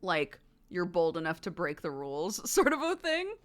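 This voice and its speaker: A woman's voice: lowish voice, big pitch swings, moderate pace. An American woman in her thirties, a streamer chatting casually and rambling, laughing often. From United States. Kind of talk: casual chat with chat.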